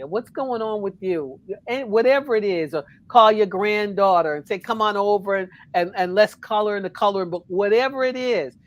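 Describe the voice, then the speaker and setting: A woman from Connecticut, a minister, giving earnest counsel in a calm, preacherly way on a talk show. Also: mid-range voice. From Connecticut, USA.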